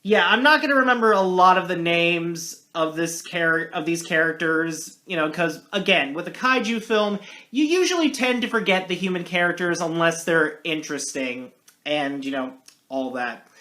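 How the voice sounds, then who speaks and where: At a medium pitch and moderate pace, a movie reviewer rambles through a casual monologue, frequently correcting themself and making self-deprecating jokes. Loud, excited lines alternate with quietly muttered asides.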